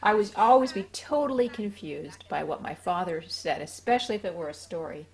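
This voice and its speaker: Middle-aged woman, lowish voice, chiming in on old family videos. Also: animated, a little fast, creaky, darkish tone. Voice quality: conversational, chiming in. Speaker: co-narrator of family film. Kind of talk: casual commentary over home video.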